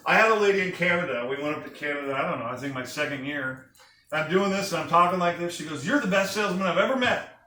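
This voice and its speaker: An enthusiastic man leads a presentation to a small group and keeps asking his listeners questions. His voice is bright and pushing. It sounds roomy and distant, with a faint hiss behind it. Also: fairly high pitch, fast talker. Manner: energetic, enthusiastic, talks to the room with questions. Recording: echoey room from a distant mic with faint noise.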